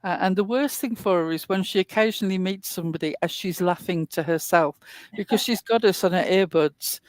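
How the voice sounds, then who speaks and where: A woman's voice: fairly low pitch, fairly quick, no room sound, clean studio sound. A woman hosting a casual online talk show, chatting at length in a rambling way with plenty of fillers. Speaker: host. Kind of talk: casual podcast chat.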